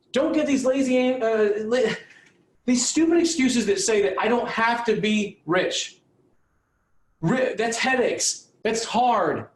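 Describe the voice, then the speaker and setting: A man's voice: very high voice, recorded from a distance. Fired-up man coaching in an echoey room. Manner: fiery motivational, blunt, mild swearing. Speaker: business coach for auto repair shop owners. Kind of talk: live online coaching session.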